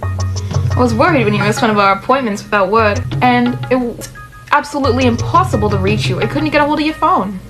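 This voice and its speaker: A woman's voice: a little high, a little fast, natural voice. A woman voicing a polite young divorce lawyer who speaks formally and carefully. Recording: clear music underneath.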